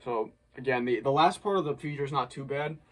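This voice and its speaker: A man's voice: mid-range voice, fairly quick, slight background noise. A man casually breaking down a snare drum part as an instructor, thinking aloud with small restarts. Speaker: drumline instructor.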